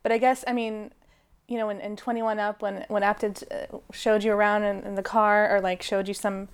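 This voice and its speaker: A woman's voice: medium pitch, level tone, moderate pace, smooth. A woman hosting an interview, asking questions in a hesitant way with many fillers and restarts. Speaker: podcast host, interviewer.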